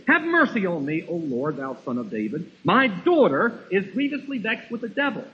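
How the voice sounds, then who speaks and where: A man's voice: high-pitched, huge pitch swings, moderate pace, few pauses, muffled recording, a little hiss or hum. A man preaching a sermon emphatically, asking his listeners rhetorical questions.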